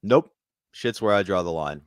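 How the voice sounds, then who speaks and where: A low-voiced man trades crude jokes as co-host of a comedy chat show. His voice sounds dry and close to the mic. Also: expressive, moderate pace, clean tone, no echo. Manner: crude, joking banter. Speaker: podcast co-host.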